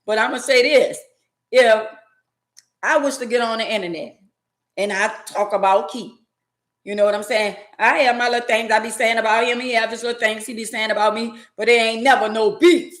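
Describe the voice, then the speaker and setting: A woman's voice: a little high, fairly even intonation, normal speed, fairly bright tone, roomy sound. Blunt woman talking back to chat. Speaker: live-stream host. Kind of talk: casual live-stream commentary.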